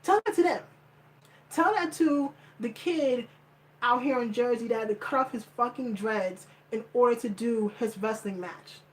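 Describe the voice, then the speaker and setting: A woman's voice: a little high, moderate pace, rough recording. A woman vlogger ranting in blunt, profane commentary, repeating her points for emphasis. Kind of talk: heated commentary rant.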